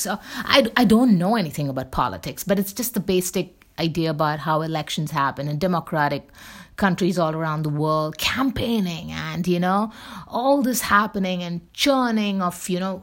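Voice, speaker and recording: A woman hosting a casual solo talk show, rambling and candid with lots of fillers and restarts. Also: fairly low pitch. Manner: candid, chatty. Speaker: show host.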